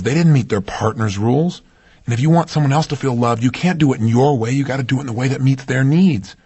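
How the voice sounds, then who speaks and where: A man giving a motivational seminar talk, animated and full of rhetorical questions to his audience. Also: medium pitch, breathy edge. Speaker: motivational speaker.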